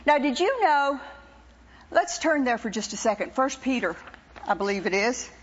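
An older woman, a preacher's wife, telling a personal testimony to a congregation in an animated, teasing, wry way. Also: high voice, moderate pace, big-room sound, lo-fi sound, slight background noise.

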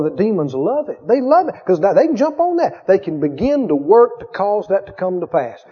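A man preaching a sermon in a church hall, emphatic, with repeated phrases and drawn-out stresses, recorded on dull lo-fi tape. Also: high voice, sing-song, husky.

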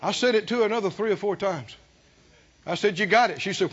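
A man preaching a sermon, fervent and rising to emphatic shouts. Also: high-pitched, lively intonation, a little fast, husky. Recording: dull lo-fi sermon recording.

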